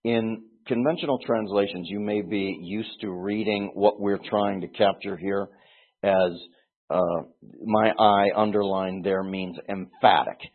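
Male Bible teacher, low husky voice, earnest and emphatic, tinny lo-fi recording. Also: fairly even intonation, measured pace. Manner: earnest, explanatory, with frequent restarts and emphatic stresses.

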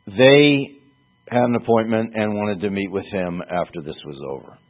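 A man preaching a sermon in an earnest, halting way, repeating words for emphasis. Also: on the low side. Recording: tinny phone-like sound.

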